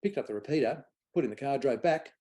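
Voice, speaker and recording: A middle-aged man, a guest on event safety, telling anecdotes in a lively way and acting out quoted dialogue. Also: medium pitch, quick pace. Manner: animated storyteller, acts out quoted dialogue. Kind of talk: conversational anecdote.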